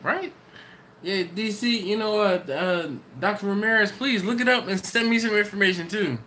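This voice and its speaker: His voice is high and sharp, at a moderate pace, with slight background noise. Hosting a live barbecue channel stream, this Maryland man tells loose, rambling stories in reply to chat questions, laughing often.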